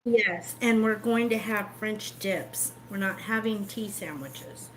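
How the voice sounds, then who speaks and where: A woman's voice: mid-range voice, slow, low-quality recording. A woman hosting a casual cooking livestream, chatting and explaining each step as she bakes. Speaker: cooking show host.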